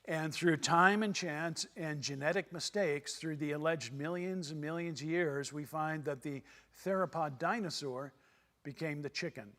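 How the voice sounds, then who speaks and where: A man's voice: on the high side, moderate pace, fairly bright tone. A man from Texas giving a church seminar lecture in a folksy way, repeating his points for emphasis. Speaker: seminar speaker. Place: church hall. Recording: long hall reverb.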